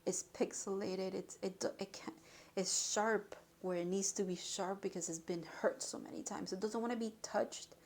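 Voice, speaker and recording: A woman giving an intuitive spiritual card reading, emotional and halting, with sighs and restarts. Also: mid-range voice, fairly even intonation, darkish tone.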